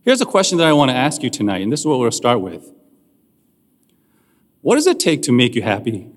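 A man's voice: mid-range voice, huge pitch swings, a little fast, long reverb tail. A man preaching a sermon as a pastor, in a conversational way, often asking his listeners questions.

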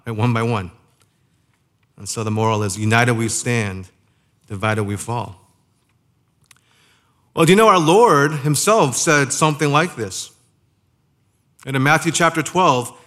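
A man preaching a sermon in a conversational way, asking the listeners rhetorical questions and slowing down to stress key phrases. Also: medium pitch, a bit bright. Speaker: pastor.

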